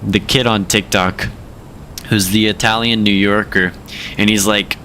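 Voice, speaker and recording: A young man hosts a flight-sim livestream, talking in loose slang and cracking jokes. His voice sits a bit low but comes across bright and forceful, with a faint hiss behind it. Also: flat delivery, normal speed. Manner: slangy, joking, drops into put-on accents. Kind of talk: casual livestream chat.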